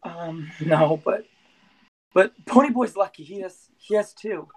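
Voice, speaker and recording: A teenage student actress reading a shy, timid greaser boy, halting and stammering softly. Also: lowish voice, husky, low-quality recording. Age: teens. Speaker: student actor. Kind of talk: school play read over a video call.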